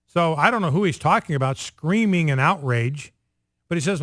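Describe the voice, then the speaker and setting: A man's voice: on the high side, animated, moderate pace, a bit bright, dry recording, clean studio sound. A man hosting a talk radio show, delivering an indignant, sarcastic opinion monologue that repeats phrases for emphasis.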